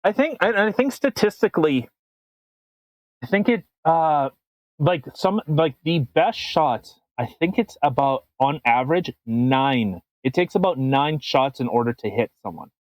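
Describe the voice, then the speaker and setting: A man co-hosting a podcast, ranting casually with swearing and halting restarts. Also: fairly high pitch, animated, dry recording, rough recording. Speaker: podcast co-host. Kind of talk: casual comedic political chat.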